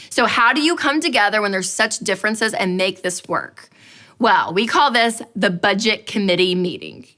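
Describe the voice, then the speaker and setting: A woman giving a personal finance talk, telling a lively story with animated expression and frequent laughter. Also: medium pitch.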